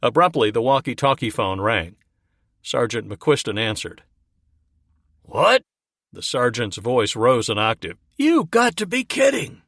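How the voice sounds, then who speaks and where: A man voicing an excitable army sergeant whose voice jumps high when agitated. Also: measured pace, no room sound, clean studio sound, heavily acted. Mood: startled. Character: excitable male soldier sergeant.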